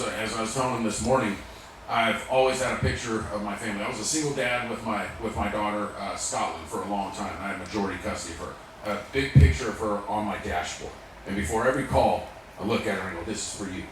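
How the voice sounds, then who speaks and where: A man telling animated, profane sales stories to a live audience. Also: lowish voice. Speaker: sales technician speaking to an audience. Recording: echoey room, mic far off, faint room noise.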